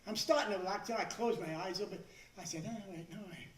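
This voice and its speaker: An older man doing stand-up, growing exasperated and shouting his punchlines. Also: high voice, quick pace. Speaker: stand-up comedian. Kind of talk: stand-up routine. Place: club stage before a live audience. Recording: echoey room, far from the mic.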